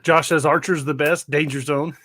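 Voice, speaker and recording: A man's voice: on the high side, steady tone, normal speed, a bit bright. A man hosting a casual podcast, reading out listener comments in a jokey, easy-laughing way. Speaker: podcast host.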